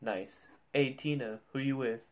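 A man's voice: mid-range voice, measured pace, a little mellow. A man hosting his channel, reading funny texts aloud in casual reaction commentary, joking and swearing as he goes. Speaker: youtuber.

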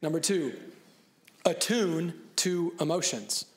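A man preaching a conversational sermon as pastor, joking and laughing at himself, then dropping softer and earnest on his key points. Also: on the high side, animated, slow pace. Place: church stage.

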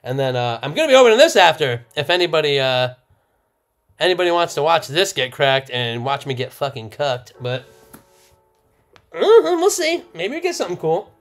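A young man live-streaming a card opening, loud and swearing, laughing and shouting with excitement. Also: fairly high pitch, moderate pace. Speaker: streamer opening trading cards.

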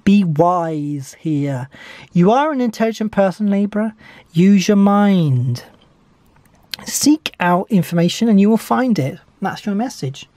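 A woman's voice: medium pitch, animated, a little slow, warm tone. Eager woman giving a tarot reading. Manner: enthusiastic, repetitive encouragement. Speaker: tarot reader.

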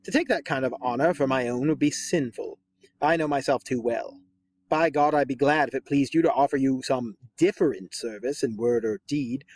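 A man reading aloud the lines of a modest, courteous young knight in polite, measured verse. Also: medium pitch, a little mellow, lightly acted. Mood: courtly.

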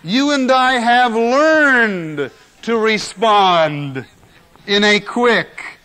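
Guy lecturing w a fairly high voice, repeats stuff for emphasis, old 70s recording. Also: lively intonation, sharp tone, smooth. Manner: emphatic, repeats key words, dramatic pauses. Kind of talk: lecture on general semantics.

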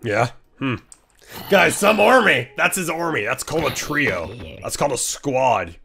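A man streaming a game, giving casual, excitable commentary, laughing often and teasing other players. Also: mid-range voice, normal speed, soft background music.

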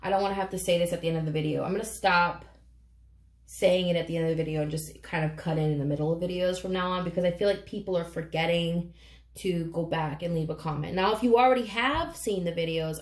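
Here a woman with a fairly low, fairly even voice talks fast in a reverberant space. She's a tarot reader giving a casual, emotional reading to camera, near tears and choked up, cursing offhandedly and chatting away with frequent "you guys."

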